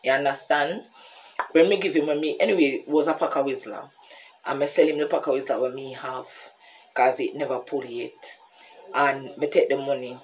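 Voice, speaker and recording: A woman's voice: rumbling low, moderate pace, slight background noise. A woman with a Jamaican accent telling a story on her vlog, talking to her viewers and calling them "people". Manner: animated, keeps addressing viewers as "people". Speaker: vlogger.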